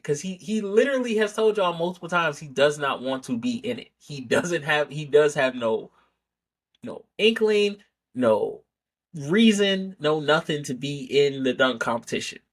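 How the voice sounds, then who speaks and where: Fairly bright and on the high side, this male podcast host's voice swings widely in pitch at a moderate pace. He rambles casually through his sports opinions, correcting himself often and tossing in rhetorical "right?" asides.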